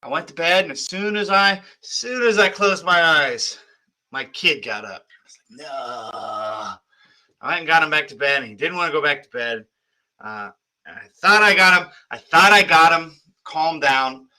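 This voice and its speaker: A man's voice: a little high, lively intonation, moderate pace, bright, forceful tone, low-quality recording. A sleepy man in his thirties teaching an online history class, talking casually with lots of fillers and restarts. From United States.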